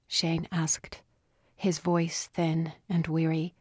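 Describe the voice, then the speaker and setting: Slow, measured woman narrator. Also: deep voice, fairly even intonation, warm tone, no echo, studio quality. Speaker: audiobook narrator. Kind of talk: scripted narration.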